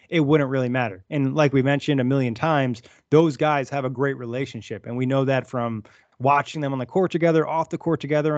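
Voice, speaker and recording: Steady-talking man, dull dry recording. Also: mid-range voice, no room sound. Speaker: podcast co-host. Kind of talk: casual sports podcast chat.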